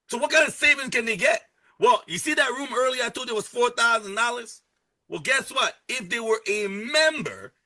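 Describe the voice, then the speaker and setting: A man giving an energetic live sales pitch, repeating key words and joking with his chat audience. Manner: energetic, repetitive, salesy, playful asides. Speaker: presenter pitching a travel membership.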